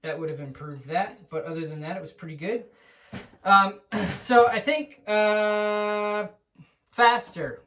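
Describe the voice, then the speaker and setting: A man giving a drum student feedback in a relaxed, encouraging way, with frequent ums and restarts. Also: on the high side. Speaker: drum teacher. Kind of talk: recorded feedback lesson. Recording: distant mic with faint noise.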